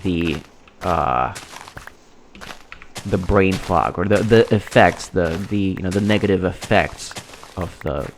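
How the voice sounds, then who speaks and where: A man giving casual, rambling commentary while playing a game, halting and restarting his sentences often. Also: sits low, a little hiss or hum. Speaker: gameplay commentator.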